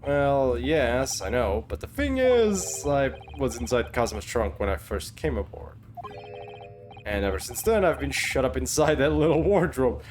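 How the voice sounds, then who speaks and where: A man's voice: medium pitch, lively intonation, moderate pace, background noise, natural voice. A man voicing a timid, curious young male student, speaking in an earnest and slightly anxious way while reading game dialogue aloud.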